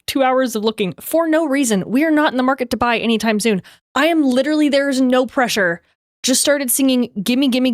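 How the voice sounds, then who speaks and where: A young adult woman livestreamer in rambling, casual chat, quick to laugh. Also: mid-range voice, no room sound, studio quality.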